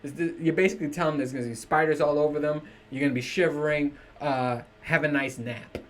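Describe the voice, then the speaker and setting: A man's voice: a little high, fairly even intonation, fast. Profane, laughing man ranting to camera. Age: 30s. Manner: profane, joking, laughs often. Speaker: podcast host. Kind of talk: casual solo rant to camera.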